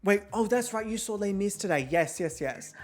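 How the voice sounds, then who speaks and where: A woman's voice: mid-range voice, expressive, moderate pace, a little mellow. A woman hosting a live-streamed online show, chatty and joking with a theatrical edge. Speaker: host.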